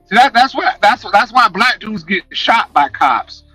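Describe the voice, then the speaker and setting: Man, live-stream chat, passionate, swears a lot, fairly high voice, headset mic. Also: normal speed, no room sound, faint music behind, rough recording. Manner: animated, passionate, profane talk.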